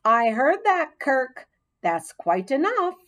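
A woman reading aloud voices a patient but firm schoolteacher who gently scolds her class. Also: high voice, very animated, pitched above the performer's own voice, exaggerated voice. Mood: stern. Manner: brisk, gently scolding teacher voice.

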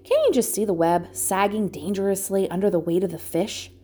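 A woman reading aloud and voicing an imaginative young farm girl who talks in an excited, insistent way. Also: medium pitch, moderate pace, lightly acted.

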